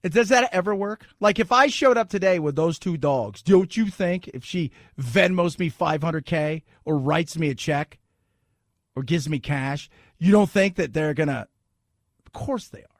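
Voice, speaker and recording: A man hosting a talk radio show, giving an opinionated monologue in an animated, sarcastic way, often laughing. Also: a little high, moderate pace, no room sound, clean studio sound.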